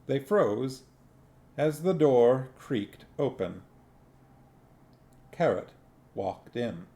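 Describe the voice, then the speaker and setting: A man reading a novel aloud on a stream, in an unhurried, plainly spoken way. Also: mid-range voice, lively intonation, warm tone. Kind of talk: book reading with casual commentary.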